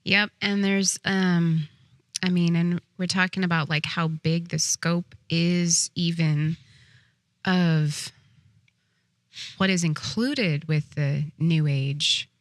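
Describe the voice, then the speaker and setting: Slow-spoken woman co-host. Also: lowish voice, steady tone, no room sound, studio quality. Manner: slow, measured, affirming. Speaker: podcast co-host. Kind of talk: casual faith conversation.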